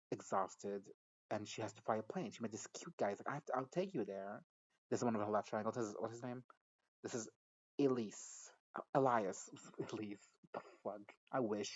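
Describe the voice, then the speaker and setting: Man, casual show recap, rambling, profane, giggly, mid pitch, slightly muffled lo-fi sound. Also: darkish tone.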